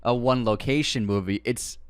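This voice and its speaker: A man's voice: mid-range voice, normal speed, smooth, no room sound. A man co-hosting a podcast, chatting casually and enthusiastically about movies, rambling with fillers and restarts. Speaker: podcast co-host. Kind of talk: casual film discussion.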